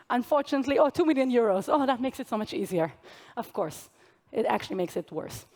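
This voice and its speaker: A young woman giving a conference keynote talk, conversational and joking with the audience. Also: a little high. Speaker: keynote speaker. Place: large conference hall stage.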